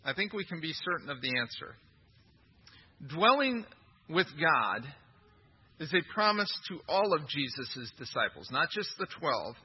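A man's voice: a little high, slightly rough, dull audio. A man preaching a sermon as pastor, emphatic, often asking his listeners questions. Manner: emphatic, asks the congregation questions.

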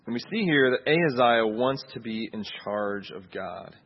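Man pastor, husky voice, conversational sermon, dull lo-fi recording. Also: mid-range voice, lively intonation, moderate pace. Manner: conversational preaching, asks listeners "right?".

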